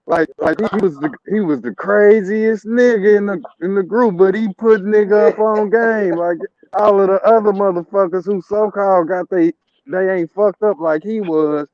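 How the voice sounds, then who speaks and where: A man's voice: high voice, moderate pace, darkish tone, no echo. A man in casual chat, talking in loose, rambling street slang and laughing often. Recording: dull lo-fi sound.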